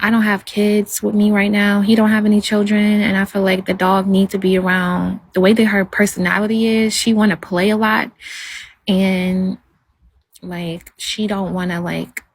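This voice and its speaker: A woman talks to her viewers on a casual livestream with a husky, slightly breathy voice. She rambles in a soft-spoken way and stops to answer their comments. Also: medium pitch, level tone, normal speed, no echo.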